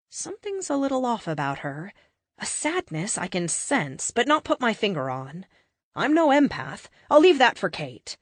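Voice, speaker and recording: A woman reads a first-person audiobook with expressive storytelling and a lively, moving pitch. The sound is close and dry, recorded in a booth. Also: normal speed, dry recording. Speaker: audiobook narrator.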